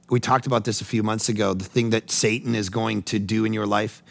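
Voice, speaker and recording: A middle-aged male pastor preaching a sermon, animated, jumping between loud mock voices and hushed, calm passages. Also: lowish voice, fairly quick, vocal fry.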